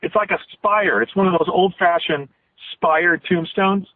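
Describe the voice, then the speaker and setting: Man, 50s, radio guest, earnest rambling storyteller, slightly high voice, tinny phone audio. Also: a little slow, dry recording. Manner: earnest, rambling, many restarts. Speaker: interview guest. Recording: tinny phone line, dry.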